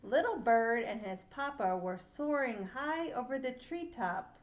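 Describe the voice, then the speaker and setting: Reading a picture book aloud to children, an older woman, a great-aunt, keeps things animated and playful and stops now and then to ask them questions. Her voice is fairly high, and the audio sounds dull.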